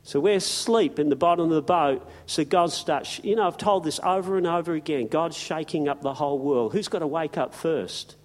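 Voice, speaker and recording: A man's voice: a little high, fairly quick, hardly any pauses. A man preaching a sermon, telling the story in a folksy, emphatic way with slang and asides.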